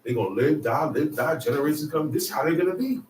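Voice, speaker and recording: A man preaching a sermon in a casual, conversational way, now and then rising to shouts for emphasis. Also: a little high, animated, fast, a little hiss or hum. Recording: roomy, mic at a distance.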